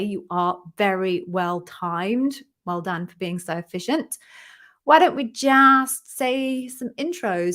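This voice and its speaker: A woman's voice: medium pitch, fairly bright tone. English woman, live-stream host, casual and upbeat, speaking from a home office. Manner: chatty, upbeat, greets viewers by name. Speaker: interview coach hosting a live Q&A. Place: home office with a ring light.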